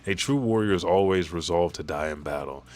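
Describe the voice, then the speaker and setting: A proud, fearless giant warrior who speaks in a low, solemn and steady voice, as a man reads his lines. It stays close to the reader's own deep voice. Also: brisk, natural voice. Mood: resolute. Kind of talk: reading comic dialogue aloud.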